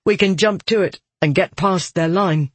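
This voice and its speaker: A man playing a calm, decisive soldier who gives steady orders. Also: sits high, normal speed, dry recording, pitched above the performer's own voice. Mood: resolute. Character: calm decisive young male soldier leader.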